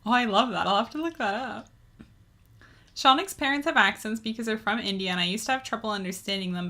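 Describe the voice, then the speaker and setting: A Canadian woman streams a game, chatting casually and ramblingly with lots of fillers and easy laughs. Her voice is mid-range with a sharp tone.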